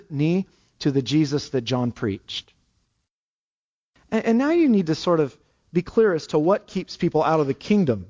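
A man's voice: a little high, muffled recording. A man preaching a sermon, emphatic and repeating his key phrases for weight.

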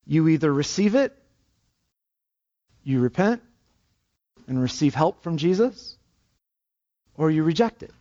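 A man's voice: on the high side, lively intonation, a little slow, long pauses, warm tone, highs cut off. A man preaching a sermon, emphatic and repeating his key phrases for weight.

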